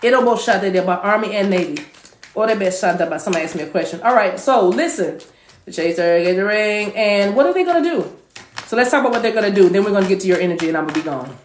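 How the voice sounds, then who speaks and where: A woman's voice: medium pitch, animated, quick pace, a little hiss or hum. A woman giving a live tarot reading to her viewers. She talks in a chatty way, repeats phrases, and now and then slips into speaking in tongues. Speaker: tarot card reader. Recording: echoey room.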